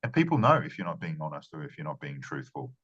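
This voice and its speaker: A man with a very low voice gives earnest interview answers. He often repeats words and restarts his phrases. The sound is dull and lo-fi. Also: huge pitch swings, quick pace, fairly bright tone, breathy edge. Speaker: marketing strategist guest.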